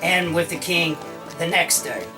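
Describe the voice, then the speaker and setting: A man's voice: fairly high pitch, measured pace, recorded from a distance, over music, low-quality recording. Slangy man retelling a story. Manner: slangy, full of "like", acts out lines. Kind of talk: casual comic retelling.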